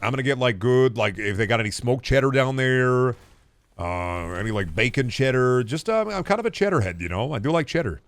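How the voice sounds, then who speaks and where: A man's voice: mid-range voice, lively intonation, brisk, smooth, dry recording. A man in his thirties streaming a game, chatting in a rambling, laid-back way and swearing freely. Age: 30s. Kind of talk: casual gaming-stream chat.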